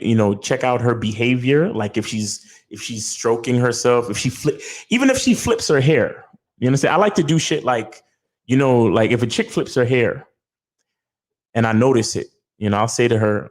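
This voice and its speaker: A man's voice: mid-range voice, a little mellow. A man hosting a show, giving casual dating advice into a mic in a profane, repetitive way, often checking that the listener understands. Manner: profane, repetitive, keeps asking "you understand?". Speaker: host. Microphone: talking into a studio mic.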